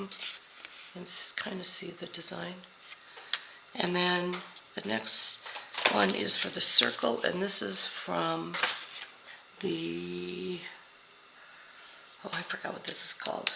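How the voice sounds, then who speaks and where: A woman's voice: on the low side, creaky. An older woman with a scratchy voice from being ill, chatting her way through a card-making tutorial and sometimes losing track of product names. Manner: chatty, forgets product names mid-sentence. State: scratchy voice from a week-long illness. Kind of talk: crafting tutorial.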